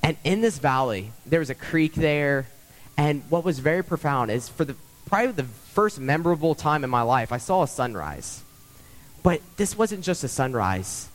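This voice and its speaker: A man's voice: a little high, lively intonation, normal speed. A young man preaching a sermon as pastor, earnest and conversational, repeating phrases for emphasis.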